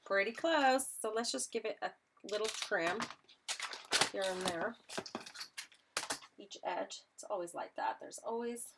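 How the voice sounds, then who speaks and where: This woman's voice is medium in pitch, unhurried and creaky, with frequent pauses against a noisy background. She's an instructor doing a live craft demonstration, talking to her viewers the whole time and poking fun at herself.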